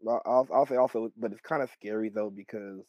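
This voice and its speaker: A man's voice: lowish voice, steady tone, fast talker, no echo, dull audio. Stammering man, dry close sound. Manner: stammering, repeats words often. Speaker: wrestling podcast co-host. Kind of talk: casual chat.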